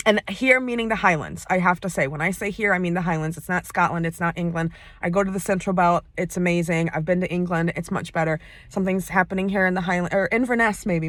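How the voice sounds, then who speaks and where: An American woman rambles candidly through a personal vlog from the seat of her parked car. Her voice sits a little low. The sound is close and dry, with no room echo. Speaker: vlogger.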